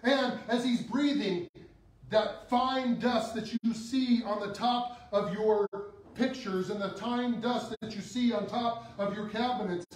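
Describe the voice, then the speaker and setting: Man, priest, sermon, high voice, slow dramatic delivery, heavy church echo, distant mic. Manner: slow, dramatic preaching with sudden rises and drops. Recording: echoey church, voice from far off.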